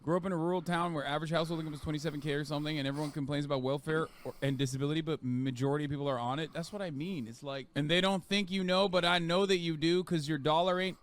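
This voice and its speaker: A man's voice: a little high, steady tone, racing, hardly any pauses. A man streaming, reading viewer comments aloud in casual commentary and laughing along. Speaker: streamer in played clip.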